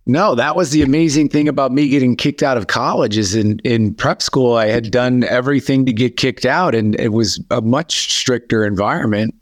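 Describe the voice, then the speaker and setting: A man's voice: medium pitch, normal speed, few pauses, dry recording, studio quality. A man co-hosting a podcast in casual chat, making wry, joking remarks. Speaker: podcast co-host.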